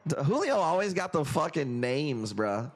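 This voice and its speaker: A man's voice: a little high, big pitch swings, normal speed. A man hosting a live coral auction stream, chatting casually with viewers in profane, joking, rambling banter. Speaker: livestream coral auction host. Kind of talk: casual live sales chat.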